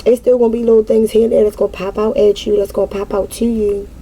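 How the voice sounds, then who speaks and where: Gravelly-voiced woman musing on faith. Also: mid-range voice, level tone, fast talker, mellow, poor audio. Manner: repetitive, emphatic, preacher-like cadence. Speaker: mother speaking to an online audience. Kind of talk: casual spiritual reflection.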